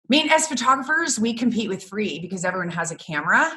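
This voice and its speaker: A middle-aged woman, a business coach, chatting in an interview and telling lively stories with frequent laughter. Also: medium pitch, quick pace. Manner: animated storyteller, laughs often. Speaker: guest, business coach for photographers. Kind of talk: casual interview chat.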